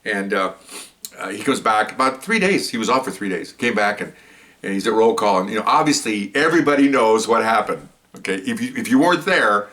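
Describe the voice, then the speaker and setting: A man's voice: on the low side, animated, fairly quick, a bit bright, far from the mic. A man, a former police officer, telling a story in a casual, rambling way, repeating words as he goes. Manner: rambling, stumbles and repeats words, acts out quotes.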